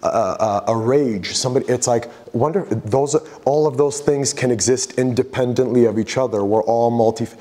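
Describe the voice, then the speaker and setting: A man's voice: mid-range voice, normal speed, hardly any pauses, warm tone. Guy talking about his photos at a gallery, loose and chatty, says like a lot, long hall echo behind him. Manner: loose and chatty, full of "like" and retold dialogue. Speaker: photographer giving an artist talk. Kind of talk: casual talk to a gallery audience.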